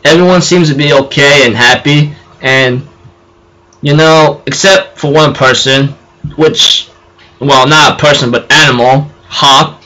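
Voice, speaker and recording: A man's voice: fairly high pitch, steady tone, measured pace, sharp tone, a little hiss or hum, rough recording. A young man casually recapping an episode, rambling with fillers and self-corrections. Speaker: anime recap vlogger.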